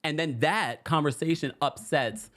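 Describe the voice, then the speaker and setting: Hosting a laid-back reality TV recap, this man speaks in a fairly high voice at a measured pace. He addresses viewers directly, reads out their comments, and performs quotes with lively energy.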